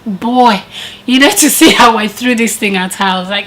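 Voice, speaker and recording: A woman vlogger casually telling a personal story with animated retellings and frequent laughter. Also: on the high side, moderate pace, slight background noise, poor audio. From living in Canada.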